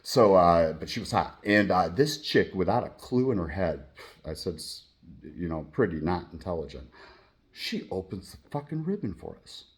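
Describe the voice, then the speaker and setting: Brief: middle-aged man, low voice, blunt profane rambling storyteller. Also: normal speed, slightly rough. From Michigan, United States. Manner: profane, blunt and animated, acting out quoted voices. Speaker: channel host telling a personal story.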